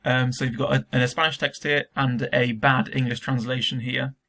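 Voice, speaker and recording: Gravelly male teacher, remote lesson. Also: medium pitch, normal speed. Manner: relaxed explaining with frequent ums. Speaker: school Spanish teacher.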